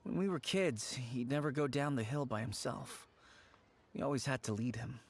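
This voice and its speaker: A man voicing an earnest young male childhood friend in a video game, warm and nostalgic. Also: mid-range voice, moderate pace, husky. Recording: game audio with faint music.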